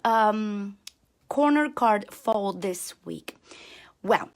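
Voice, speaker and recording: A woman hosting a card-making channel, chatting while she works and answering viewers' comments, speaking English that is not her first language. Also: on the high side. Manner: chatty and self-deprecating, talks while working. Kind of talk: live crafting demo, reading viewer comments.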